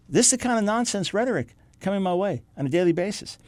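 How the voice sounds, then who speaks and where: A middle-aged man delivers his talk show segment with forceful emphasis, counting off points like a preacher. His voice sits a little high for a man. The sound is dry and close, with no room echo. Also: lively intonation, fast talker, hardly any pauses. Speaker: radio talk show host. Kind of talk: reading quotes and preaching on air.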